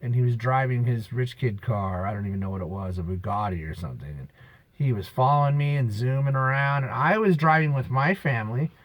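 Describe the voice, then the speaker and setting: A man's voice: medium pitch, expressive, fairly quick, no echo, poor audio. A man in a rambling, preachy monologue, emphatic and drifting off-topic, talking outdoors on a beach. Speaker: vlogger.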